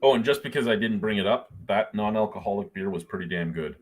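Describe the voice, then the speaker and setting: A man's voice: lowish voice, quick pace. A man in a casual beer chat, ranting with lots of swearing and exasperation. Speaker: guest.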